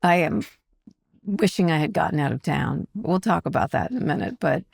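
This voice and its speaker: A woman's voice: deep voice, animated, fairly quick, creaky, a little mellow, slightly rough, dry recording, studio quality. A woman in her sixties co-hosting a podcast in a blunt, opinionated casual chat. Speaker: podcast co-host.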